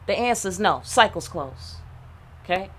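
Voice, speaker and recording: Her voice is mid-range with lively intonation and a measured pace. She's a tarot reader doing a casual channeled reading, dishing out profane, blunt relationship advice peppered with rhetorical questions and streetwise asides.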